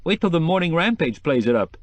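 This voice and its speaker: Male reader doing harried newspaper editor, urgent, higher pitch. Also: big pitch swings, fairly quick, dry recording. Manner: urgent, exasperated.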